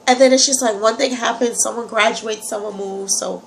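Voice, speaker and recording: A woman's voice: on the high side, animated, a little fast, creaky, few pauses, a little hiss or hum. A young woman from New York with a slight Southern country accent and a stuffy nose, chatting animatedly to her phone camera and digressing often. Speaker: vlogger. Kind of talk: casual talk to camera.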